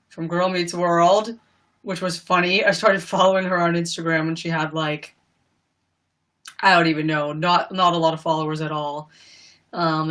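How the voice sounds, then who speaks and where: A woman's voice: lowish voice, sharp tone. A young woman chatting casually on a live stream, gushing and rambling with lots of "like" and "you know.". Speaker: livestreamer.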